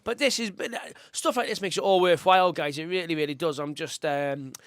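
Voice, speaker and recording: A man's voice: a little high, brisk, clear, resonant tone, dry recording. A young man, co-hosting a casual live-stream chat, chatty and emotional and calling everyone mate. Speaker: co-host, youth football coach.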